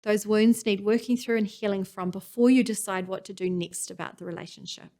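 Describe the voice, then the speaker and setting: A woman presenting a scripted talk on dealing with difficult people, calm and earnest, at times acting out example lines. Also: medium pitch, fairly quick.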